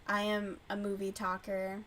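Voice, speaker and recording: A woman's voice: mid-range voice, completely flat delivery, normal speed, fairly bright tone, a little hiss or hum. A woman hosting a casual livestream while crocheting, chatting loosely, swearing freely and answering her chat as she goes. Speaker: livestream host.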